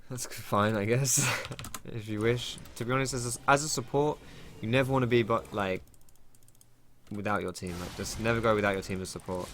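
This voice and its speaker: A man giving excitable live commentary over his own gameplay, thinking aloud and swearing casually. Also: on the low side, moderate pace, a little hiss or hum. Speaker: gaming streamer. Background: keyboard typing.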